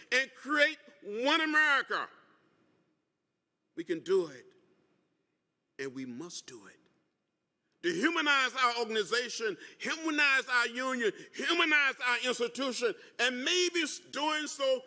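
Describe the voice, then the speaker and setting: An older man in his seventies delivers a stirring keynote in a large conference hall, his voice high and bright with sweeping swings of pitch. He builds his lines in a rhythmic, repeating, preacher-like cadence, and the long reverb of the room rings behind him. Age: 70s. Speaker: keynote speaker. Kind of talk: impassioned speech.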